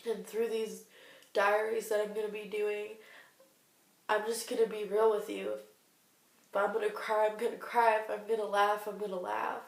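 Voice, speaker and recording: A woman in her twenties, talking earnestly and warmly about her faith in a personal video diary. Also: mid-range voice, flat delivery, moderate pace, gravelly. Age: 20s. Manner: earnest, heartfelt, faith-filled. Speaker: vlogger sharing a cancer diary. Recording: echoey room, distant mic.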